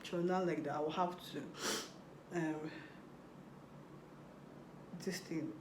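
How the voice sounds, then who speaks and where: A woman's voice: deep voice, takes it slowly, background noise. Chatty young woman in an echoey room. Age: young adult. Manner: chatty, animated retelling with acted quotes. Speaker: vlogger. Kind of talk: storytime vlog while doing makeup.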